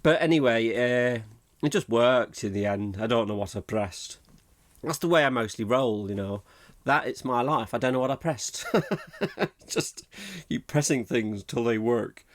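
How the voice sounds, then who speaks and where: A man chatting alone at his desk for a podcast at a middling pitch. He wanders off topic, laughs at his own mistakes and keeps up a loose, self-mocking patter. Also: normal speed. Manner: rambling and self-mocking, laughs often at himself. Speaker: podcast host. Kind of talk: casual solo podcast chat.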